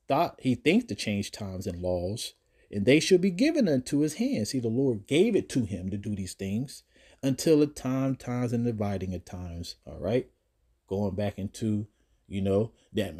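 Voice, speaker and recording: A man teaching scripture in a casual, slangy preaching style, with emphatic swings in pitch and loudness. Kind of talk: informal preaching.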